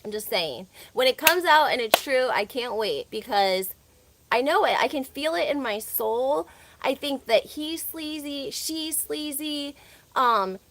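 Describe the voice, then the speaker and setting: A woman's voice: high-pitched, lively intonation, measured pace, fairly bright tone, slight background noise. Chatty Southern woman dishing gossip. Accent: American Southern. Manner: chatty, opinionated, laughs often. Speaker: reality TV recap host. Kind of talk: casual gossip livestream.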